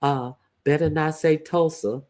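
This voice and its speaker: A slightly high-voiced man giving casual opinion commentary to his viewers. He is blunt and swears freely, stopping and restarting with lots of "uh" fillers between his points. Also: steady tone, darkish tone. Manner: blunt and profane, halting with many "uh" fillers. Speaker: YouTube commentator host.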